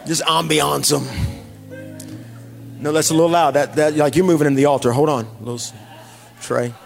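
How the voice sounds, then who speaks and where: A male pastor, preaching a sermon in a casual storytelling way that drops to hushed, sighing asides. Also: on the high side, fairly even intonation, moderate pace, vocal fry, faint music behind.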